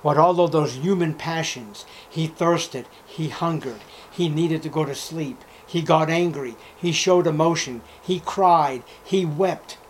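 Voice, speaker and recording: Man, preacher, sermon, somewhat high voice, loud then hushed delivery, faint background hum. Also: unhurried, hardly any pauses, rough recording. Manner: emphatic, swings between loud declaiming and hushed asides; reads scripture in old-fashioned biblical wording.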